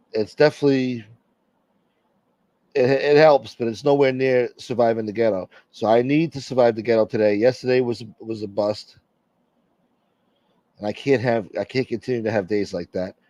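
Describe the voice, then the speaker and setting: A man's voice: medium pitch, moderate pace, darkish tone, no echo. A man hosting a casual livestream, joking brashly with viewers and swearing freely. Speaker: livestream host.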